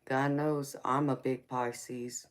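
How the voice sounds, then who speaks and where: A woman with a Southern accent and a low, deep voice, chatting casually on a live stream as a tarot reader. She is easygoing, laughs often and calls her viewers honey and baby. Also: little pitch movement, slow pace.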